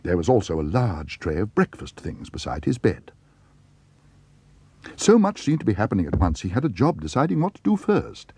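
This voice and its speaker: Wry storybook narrator. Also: male voice, on the low side, huge pitch swings, moderate pace, darkish tone, breathy edge.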